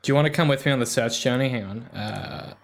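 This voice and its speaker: Male podcast co-host, mid-pitched, loose and rambling, quick to joke at his own expense. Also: gravelly. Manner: rambling, jokey, self-deprecating. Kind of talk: casual podcast banter.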